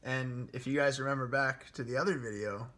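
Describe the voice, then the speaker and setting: Young man in his 20s, bright forceful voice, animated casual storyteller. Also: mid-range voice, brisk. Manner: animated, laughs often, quotes himself. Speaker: vlogger telling his proposal story.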